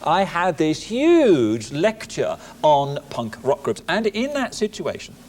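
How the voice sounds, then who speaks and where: A man with an English accent giving an explanatory lecture, measured with dry humour. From England. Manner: lively, animated delivery with big pitch jumps. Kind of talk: recorded educational lecture. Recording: faint background noise, old VHS tape.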